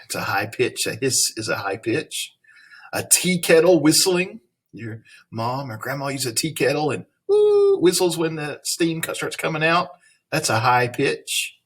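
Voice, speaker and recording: A man with a slightly husky voice reads a science text to his class. He pauses for friendly questions and jokes with the students as he goes. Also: mid-range voice, a bit bright. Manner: friendly, playful asides to students. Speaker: teacher. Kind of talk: recorded classroom lesson reading aloud.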